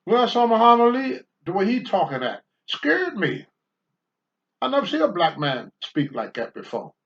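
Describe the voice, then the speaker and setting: With huge pitch swings and a moderate pace, an older man's high voice tells candid talk-show stories. He's a former pro wrestler, blunt and profane, heard through dull lo-fi audio.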